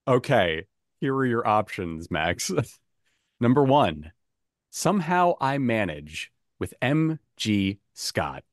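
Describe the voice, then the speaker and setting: A man's voice: medium pitch, sing-song, slow pace, dry recording, clean studio sound. A man hosting a casual podcast quiz game, upbeat and chatty, who laughs often. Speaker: game show host.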